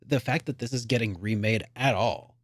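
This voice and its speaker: A man co-hosting a casual video game podcast, talking in an excitable, rambling way full of "like" and restarts. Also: medium pitch, normal speed, dry recording, clean studio sound. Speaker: podcast co-host. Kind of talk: casual chat about video games.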